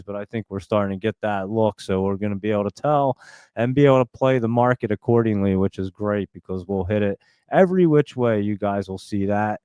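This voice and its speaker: Smooth-voiced, rambling stream host man. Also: on the low side, a little mellow, dry recording. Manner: rambling, loose and profane, with frequent fillers. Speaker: host of a live stock trading stream. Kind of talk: casual live-stream chat.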